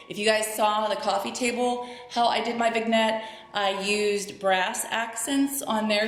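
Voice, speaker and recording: A woman chatting upbeat to her viewers as she decorates her home, talking them through each step. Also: mid-range voice. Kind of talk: casual decorating tutorial narration. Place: her home living room. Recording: very echoey room with soft background music.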